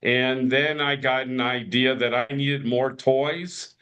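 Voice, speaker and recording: A man's voice: medium pitch, steady tone, takes it slowly, fairly bright tone, clear, resonant tone, highs cut off. A man in his fifties, a podcast guest, telling stories with many restarts and fillers and acting out quoted voices. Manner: rambling, frequent restarts and fillers. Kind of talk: casual storytelling.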